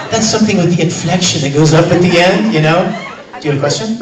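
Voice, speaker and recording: Animated man telling stories at a fan panel. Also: high voice, normal speed. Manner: animated, laughing, playful with the audience. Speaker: convention panel guest. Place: large convention panel room. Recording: echoey hall from far off, crowd noise.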